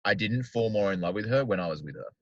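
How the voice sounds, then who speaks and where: A man's voice: lowish voice, expressive, fast, dry recording. A man hosting a podcast, chatting casually and rambling with lots of "like". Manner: rambling, heavy use of "like". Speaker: podcast host. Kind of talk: casual chat. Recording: dull lo-fi, dry sound.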